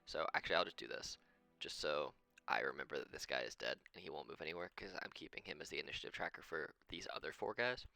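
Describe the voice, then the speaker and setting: A man's voice: very deep voice, fast, vocal fry, few pauses, sharp tone, no room sound. A man running a tabletop game as game master, rambling as he thinks aloud and counts out moves under his breath.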